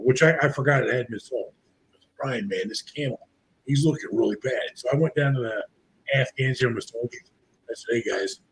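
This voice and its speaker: A middle-aged man, a guest on a barbecue podcast, telling long casual stories full of fillers and restarts. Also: mid-range voice. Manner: rambling anecdotes with many fillers and restarts. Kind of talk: casual storytelling chat.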